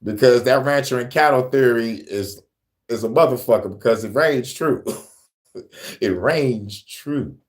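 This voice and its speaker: A young man with a New York accent, co-hosting a casual, profane podcast chat, animated and laughing often. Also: medium pitch, moderate pace. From New York, Bronx. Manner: animated, laughing, swearing, breaks into rap voices. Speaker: podcast co-host.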